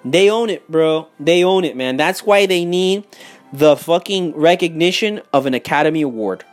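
Young male vlogger, heated rant, higher-pitched voice, soft music underneath. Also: animated, normal speed. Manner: heated, profane, repeats himself, swings loud and quiet. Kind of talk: profane casual rant. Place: home in Miami.

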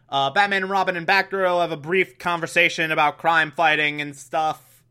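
Sarcastic man with a bright voice. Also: a little high, fairly even intonation, normal speed, clean tone. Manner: sarcastic, rambling. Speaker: show recapper. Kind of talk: casual recap.

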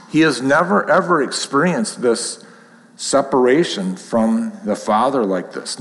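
A man's voice: medium pitch, big-room sound, rough recording. A man teaching a Bible class, reading scripture aloud with rising emphasis and asking the group questions.

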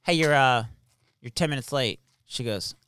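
A man's voice: mid-range voice, normal speed, clean tone. A man casually telling stories from his time as an army captain, swearing freely and quoting the people involved. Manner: profane, animated, quotes people in his stories. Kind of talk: casual storytelling chat.

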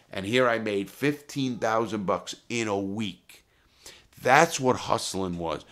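A man telling crime stories in a casual, profane, blunt street manner, with restarts and sudden loud quoted outbursts. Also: on the low side. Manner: swings into loud acted quotes. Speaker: storyteller.

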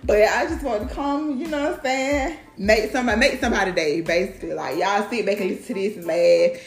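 A woman's voice: mid-range voice, fairly quick. A woman giving a blunt, profane, outspoken monologue as a vlogger. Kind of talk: candid monologue. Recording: echoey room.

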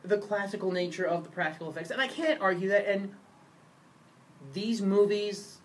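A parent in casual podcast chat, talking about films in an animated, exclamatory way. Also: mid-range voice, moderate pace. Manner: animated, exclamatory fan talk.

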